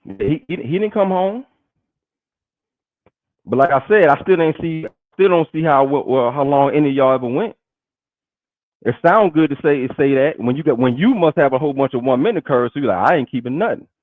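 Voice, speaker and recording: A man's voice: on the high side, fairly quick, no echo. A man in a casual streamed talk, pressing the others and repeating the same question. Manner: insistent, keeps repeating his question. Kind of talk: casual banter. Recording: dull lo-fi stream audio.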